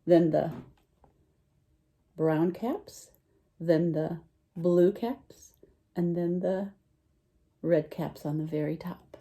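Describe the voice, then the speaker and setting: A woman teacher reading a picture book aloud to children, animated and full of questions for her listeners. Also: lowish voice, very slow, long pauses. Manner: animated, asks listeners questions, lively voice swings.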